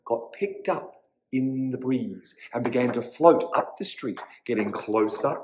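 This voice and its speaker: A man, a teacher reading a children's story aloud in an animated, expressive way. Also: mid-range voice, a little slow, a little hiss or hum, rough recording.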